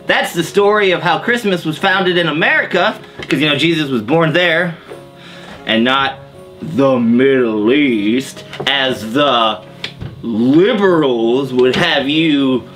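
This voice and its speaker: A man's voice: on the high side, expressive, slow pace, a bit bright, soft background music. Tipsy man rambling mock history. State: drinking wine, getting tipsy. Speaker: comedic history show host. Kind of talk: deadpan comedic monologue.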